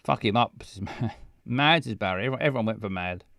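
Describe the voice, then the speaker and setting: A man's voice: lowish voice, lively intonation, a little fast, vocal fry, fairly bright tone, dry recording. Guy streaming a game, rambly and stumbly, jokes at himself, dry close mic. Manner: rambling, stumbling, self-mocking. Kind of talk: casual live game stream commentary.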